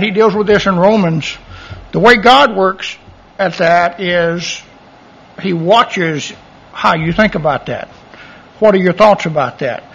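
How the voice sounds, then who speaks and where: A middle-aged man preaching a sermon in a folksy, animated way, full of restarts and asides. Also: sits high, husky. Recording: dull lo-fi sermon recording.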